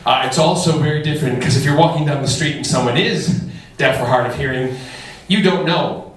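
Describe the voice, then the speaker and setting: A man guest on a convention panel, telling lively, jokey stories and sounding a little out of breath. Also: fairly high pitch, a little fast. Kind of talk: animated storytelling on a convention panel. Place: large convention hall. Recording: echoey hall recorded from far off with faint noise.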